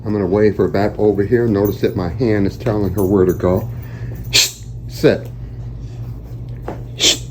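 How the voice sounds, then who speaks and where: A man working as a dog trainer, explaining each step of a training session to the camera in a steady, instructive way. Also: lowish voice, brisk, few pauses, a little hiss or hum.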